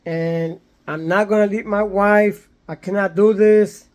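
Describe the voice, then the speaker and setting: A man's voice: high-pitched, fairly even intonation, measured pace. A man quoting a flustered married man on the phone in a retold story, defensive and denying.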